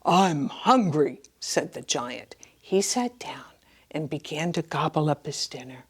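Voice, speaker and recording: A middle-aged woman librarian reading a picture book aloud to children, slipping into hushed whispers and excited gasps. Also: deep voice, a little slow, slightly rough.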